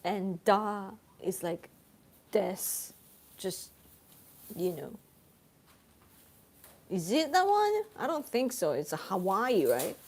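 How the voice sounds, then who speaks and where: A woman's voice: medium pitch, expressive, creaky, a little mellow, a little hiss or hum. A woman live streaming from home on a tablet, chatting casually with viewers in a playful, giggly way. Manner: playful and giggly, quick to laugh.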